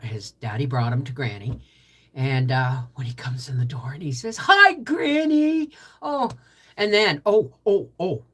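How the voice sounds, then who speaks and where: A woman's voice: rumbling low, slightly rough. An older woman hosting a live stream from her home office, telling a rambling, chatty story with many restarts. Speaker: homestead channel host. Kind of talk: casual live-stream chat.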